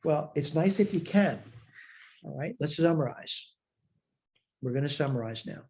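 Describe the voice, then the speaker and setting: A man with a mellow, darker tone walks through a math lecture step by step. He thinks aloud and checks his own work as he goes. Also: a little high, animated, moderate pace. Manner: talks through worked steps aloud, self-checking. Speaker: math instructor.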